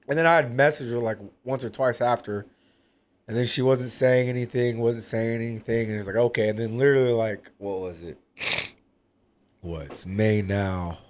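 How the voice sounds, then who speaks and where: A man's voice: medium pitch, moderate pace. A man talking openly as a podcast guest, rambling and full of fillers. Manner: rambling, filler-heavy, candid. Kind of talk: casual personal talk.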